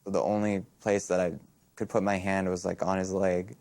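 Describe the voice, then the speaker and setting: A young man recalling events in a documentary interview, halting and soft-spoken. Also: low voice, flat delivery, creaky, dry recording.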